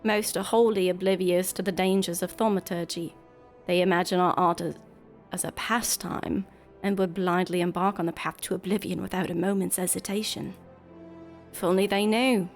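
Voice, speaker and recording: A woman's voice: lowish voice, level tone, moderate pace, faint music behind, close to an everyday voice. A woman voicing a weary, stern female receptionist in a game, with a put-on accent and a solemn delivery.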